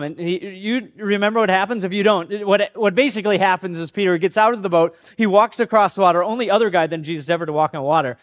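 High-voiced man preaching a casual sermon. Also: quick pace, few pauses. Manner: conversational, self-deprecating, acts out quoted voices. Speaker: pastor.

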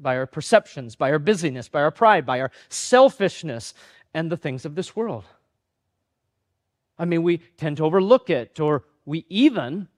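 A pastor with a notably high voice preaches as though having a conversation. He's self-deprecating and briefly acts out the quoted voices of people in his stories.

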